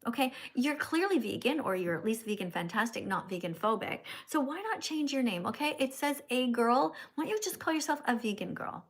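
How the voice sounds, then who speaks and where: A woman hosts a live stream in a slightly high voice. She chats casually but slips into scolding, preachy lectures. She keeps tagging her lines with "okay?". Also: lively intonation, a little fast, hardly any pauses. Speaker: livestream host. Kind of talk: casual livestream chat and lecturing.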